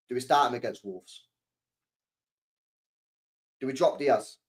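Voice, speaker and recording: Guy streaming, cursing a lot, gets loud then quiet, mid pitch. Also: measured pace, long pauses, husky. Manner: excitable, swears a lot, swings loud and quiet. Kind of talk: casual live-stream chat.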